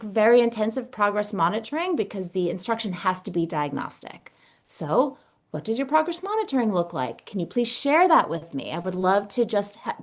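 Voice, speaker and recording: A woman in her thirties, a literacy consultant, explaining reading strategies in a chatty, explanatory teaching manner with fillers, over a video call. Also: mid-range voice. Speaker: literacy consultant and dyslexia tutor. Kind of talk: webinar presentation. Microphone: video call mic.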